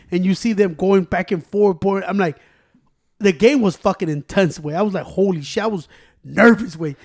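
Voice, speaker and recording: A man's voice: sits high, a little fast. A man in casual chat, swearing freely and mixing Spanish into his English. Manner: profane, mixes Spanish and English.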